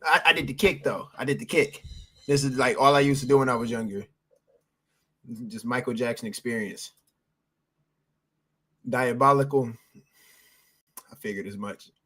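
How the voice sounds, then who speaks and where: A man's voice: mid-range voice, moderate pace, pauses often, pushed and bright. Hyped young-sounding man streaming live. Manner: hyped, repeats phrases, slangy and breathless. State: out of breath. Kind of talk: excited live stream reaction.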